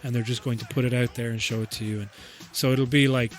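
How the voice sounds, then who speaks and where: Profane, rambling podcast host. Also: male voice, medium pitch, fairly even intonation, quick pace, hardly any pauses, faint music behind. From Ireland. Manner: profane, rambling, joking, laughs often. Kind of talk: comedic rambling chat.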